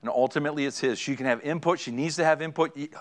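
A man's voice: a little high, very fast. A middle-aged man preaching a sermon as a pastor, earnest and exhorting, driving points home with repeated phrases.

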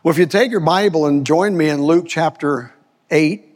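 An older man from Cincinnati preaching a Sunday school lesson in a church, folksy and earnest with slow, emphatic delivery. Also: on the high side, in a large hall. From Cincinnati, Ohio. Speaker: guest preacher. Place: church sanctuary.

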